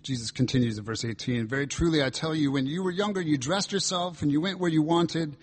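A man's voice: a little high, fast talker, breathy edge. A man pastor preaching a reflective, earnest sermon, reading and voicing scripture dialogue as he explains it.

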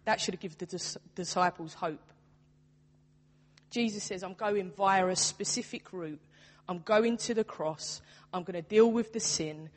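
A young adult woman who works as a church youth worker preaches a sermon in a church hall, her lowish voice moving a little slowly. She sounds earnest and conversational, and the recording carries a long hall reverb.

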